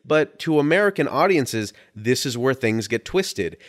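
Animated man telling a story. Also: medium pitch, unhurried. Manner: animated storyteller, swears freely, many restarts. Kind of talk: casual chat.

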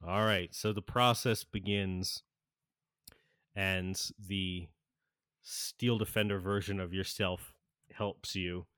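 A man running a tabletop game as game master, narrating in an unhurried way with lots of fillers and frequent laughs. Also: deep voice, steady tone, a bit bright, clean tone, dry recording, clean studio sound.

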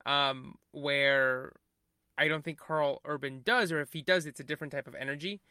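Bright-voiced man chatting casually. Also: a little high, steady tone, moderate pace, clear, resonant tone, no room sound, studio quality. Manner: chatty, explains at length, frequent "right" and "mm-hmm"; casual swearing. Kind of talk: casual podcast chat.

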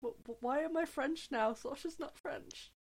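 A woman's voice: high voice, normal speed, noisy background. A woman playing a tabletop game, chatting with giggles and hesitant restarts. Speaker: player.

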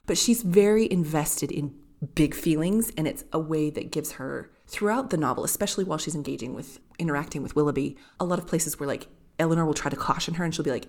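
A woman's voice: low-pitched, quick pace, darkish tone. A woman co-hosting a podcast, chatting casually about a novel with lots of filler words. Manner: chatty, many fillers like "kind of" and "like". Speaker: podcast co-host. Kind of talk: casual literary podcast chat.

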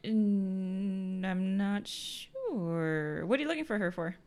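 A woman's voice: medium pitch, lively intonation, normal speed, a little mellow, close to an everyday voice. A woman voicing a sly prankster character, chatty and teasing. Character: woman playing sly sticker-slapping street prankster.

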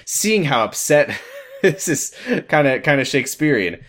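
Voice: mid-range voice, sing-song, a little slow, fairly bright tone. A young podcast co-host reading fan fiction aloud and joking through it with frequent laughter. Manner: laughing, breaks into voices. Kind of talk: comedic reading and banter.

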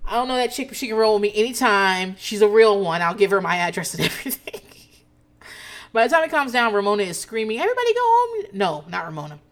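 A woman casually recapping a reality TV episode, animated and profane, laughing often as she talks. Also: medium pitch, fast talker. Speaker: TV recap host.

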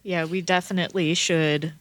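A woman playing a tabletop role-playing game, cautious and thinking through plans out loud. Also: fairly low pitch, fairly even intonation, moderate pace, no room sound. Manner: cautious, reasoning aloud. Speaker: player. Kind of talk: tabletop role-play banter.

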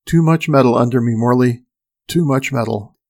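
A man's voice: medium pitch, moderate pace, a little mellow, natural voice. A man voicing an old, badly injured spaceship engineer who speaks in a strained, dry, pained way.

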